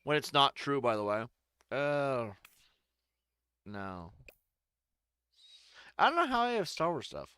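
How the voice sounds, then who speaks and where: A streamer riffs through casual gameplay commentary with crude humor and frequent laughter. The pitch swings widely from line to line. The sound is dry and close, with little room echo. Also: huge pitch swings, slow pace, long pauses, pushed and bright, smooth.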